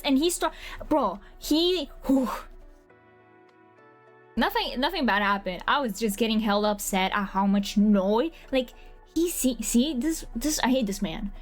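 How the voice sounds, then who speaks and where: A woman's voice: on the high side, measured pace, faint music behind. Chatty, giggly young woman streaming. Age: young adult. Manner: rambling, giggly, slangy, frequent restarts. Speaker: livestreamer. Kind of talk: casual live-stream chat. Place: home bedroom.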